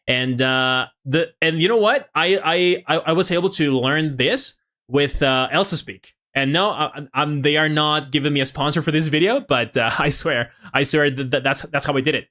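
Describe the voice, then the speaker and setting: Bright-voiced man. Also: fairly high pitch, normal speed. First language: Spanish. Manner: chatty, restarts words often. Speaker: language-learning streamer. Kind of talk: casual live-stream chat.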